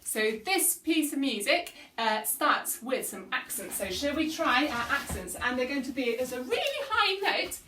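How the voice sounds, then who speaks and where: A woman teaching a children's music class, calling out cues in a lively, encouraging way. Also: sits high, moderate pace, hardly any pauses, slight background noise. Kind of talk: group music lesson with children. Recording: echoey room, distant mic, loud music. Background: loud music.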